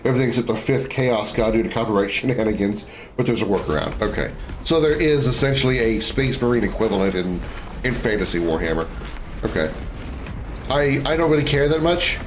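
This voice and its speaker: A man's voice: medium pitch, animated, brisk, background noise. A man casually commenting while streaming a game, rambling and offhand, now and then swearing.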